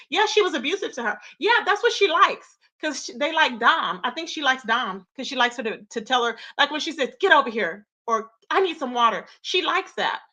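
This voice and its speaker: Woman, gossip livestream host, bright, fairly high voice, chatty, animated. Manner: chatty, animated, exclaims and reacts to chat. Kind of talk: casual gossip livestream, reading chat.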